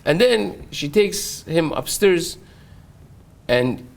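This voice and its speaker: Rabbi, animated storyteller, fairly high voice, online class. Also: male voice, very slow, vocal fry. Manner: animated storyteller, acts out dialogue, frequent restarts. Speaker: rabbi teaching daily Talmud class. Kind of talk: Talmud lesson with storytelling.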